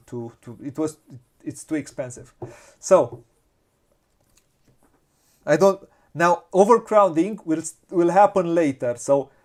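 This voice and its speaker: Slow, thinking-aloud Romanian-accented man. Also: a little high, a little mellow. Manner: thinks aloud, counts pieces, many restarts. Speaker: board game channel host. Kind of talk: casual board game playthrough.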